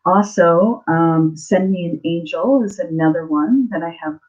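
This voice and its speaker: A middle-aged woman hosting a live stream, talking in a warm, halting, tearful way with many fillers. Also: on the low side, highs cut off. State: tearful, close to crying. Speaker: spiritual channel host. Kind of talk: casual live-stream chat.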